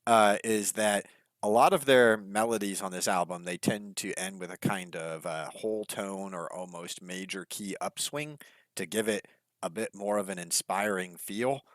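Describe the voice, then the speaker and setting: Man, podcast co-host, very low voice, dry recording, rambling casual review. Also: normal speed, no room sound. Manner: rambling, hedging, many fillers. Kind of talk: casual music review chat.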